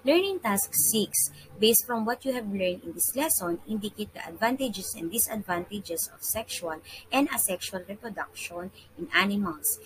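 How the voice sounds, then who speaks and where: Woman, Filipino accent, teacher, reading lesson aloud, measured, mid pitch, faint background noise. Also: animated, low-quality recording. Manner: careful, measured reading with slips and restarts.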